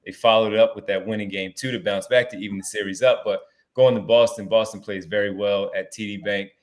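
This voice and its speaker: A man co-hosting a sports podcast, talking in an animated, emphatic way. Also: on the low side, a little fast. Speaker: podcast co-host. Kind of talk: casual sports podcast talk.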